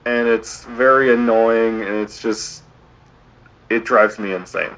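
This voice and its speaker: Opinionated podcast co-host, rambling casual delivery, muffled lo-fi recording. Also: male voice, fairly low pitch, fairly even intonation, takes it slowly, a bit bright. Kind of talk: casual chat. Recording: dull lo-fi podcast audio.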